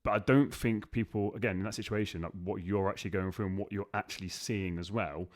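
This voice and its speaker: A man's voice: low-pitched, steady tone, fairly quick. A man hosting a podcast, asking probing, sympathetic questions in a casual conversational way. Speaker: podcast host. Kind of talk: conversational interview.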